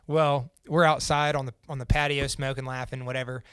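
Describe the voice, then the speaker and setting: A man's voice: mid-range voice, level tone, brisk, a bit bright, smooth, dry recording, studio quality. A young man from Central Indiana with a Midwestern accent, a podcast guest telling a story in casual talk. He swears freely and acts out what others said. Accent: Midwestern American.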